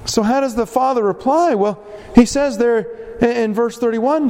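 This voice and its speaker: A man preaching a sermon in a church hall, animated and firing rhetorical questions at his congregation. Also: very high voice, normal speed, hardly any pauses.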